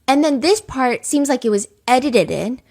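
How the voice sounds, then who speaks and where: A woman's voice: sits high, expressive, normal speed, darkish tone. A woman hosting a true crime podcast, chatting casually and animatedly, piling up speculative rhetorical questions. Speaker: podcast host.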